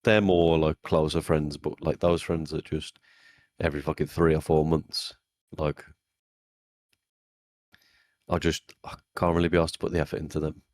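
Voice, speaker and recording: A man's voice: extremely low pitch, level tone, normal speed, pauses often, a little mellow. A man co-hosting a podcast, chatting in a laid-back way with casual swearing. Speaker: podcast co-host. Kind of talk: casual chat.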